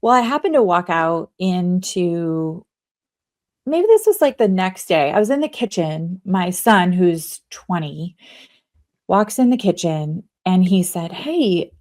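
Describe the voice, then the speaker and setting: Woman, forties, podcast guest; chatty and animated, acts out her own thoughts mid-story. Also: fairly low pitch, unhurried. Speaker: guest, author and leadership coach. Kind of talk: casual podcast interview.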